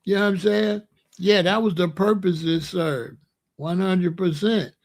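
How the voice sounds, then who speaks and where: Joking man with a high-set voice. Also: fairly even intonation, unhurried, vocal fry. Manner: loose, joking and rambling, laughs at own jokes. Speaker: host. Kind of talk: casual monologue commentary.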